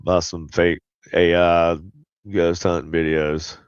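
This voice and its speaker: This is a man hosting a casual stream, and his voice is low and smooth but nasal from blocked sinuses. He rambles easily and reads comments out as he goes. The recording is dry and slightly muffled, with a dull, narrow sound. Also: level tone, measured pace, no room sound. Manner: rambling, chatty, reads viewer comments aloud. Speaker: show host. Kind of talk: casual live-stream chat.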